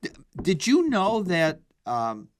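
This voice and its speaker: A man's voice: sits high, wildly swooping pitch, slow. A man co-hosting a podcast, jokey and sharing trivia in casual chat. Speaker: podcast co-host.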